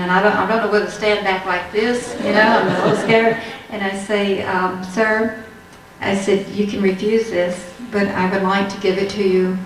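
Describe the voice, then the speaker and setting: A woman's voice: mid-range voice, far from the mic, background noise. A woman giving a religious testimony talk, telling her story and acting out the dialogue. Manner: storytelling, acts out quoted dialogue. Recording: echoey hall, heard from afar.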